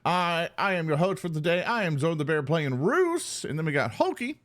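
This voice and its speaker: A man's voice: on the high side, very animated, normal speed, fairly bright tone. A man introducing a tabletop game stream in a playful, stumbling way. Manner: playful, stumbling over words. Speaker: player and opening host. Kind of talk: casual chat.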